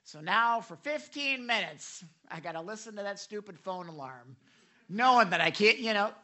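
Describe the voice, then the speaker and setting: Bright-voiced preacher, animated. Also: male voice, high-pitched, moderate pace. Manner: animated, acts out quotes, laughs, many restarts. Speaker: pastor. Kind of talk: sermon. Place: church hall with live audience.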